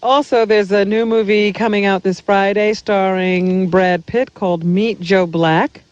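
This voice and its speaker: A woman reading news items as co-host on a comedic radio show, wry and quick to laugh. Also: medium pitch, steady tone, a little mellow, no echo. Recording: dull lo-fi radio sound.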